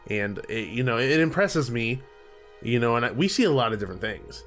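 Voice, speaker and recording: A man's voice: mid-range voice, lively intonation, a little fast, a bit bright, faint music behind. A man hosting a podcast, chatting enthusiastically and interviewing a guest. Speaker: podcast host.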